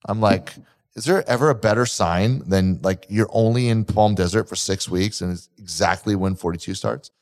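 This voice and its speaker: A man with a lowish voice speaks at a moderate pace. He owns a fitness gym and co-hosts a casual podcast, telling stories with energy and acting out the quotes as he goes.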